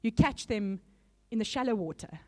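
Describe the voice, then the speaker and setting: With lively intonation at normal speed, a woman preacher with a fairly high voice delivers her sermon conversationally. Small, warm laughs come between her points, and she seems slightly nervous.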